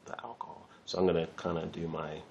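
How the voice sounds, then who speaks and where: Gravelly, deep-voiced man, chatty art teacher; faint room noise. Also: little pitch movement, quick pace, mellow, highs cut off. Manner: rambling, chatty, swears lightly, laughs at himself. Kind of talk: casual drawing lesson.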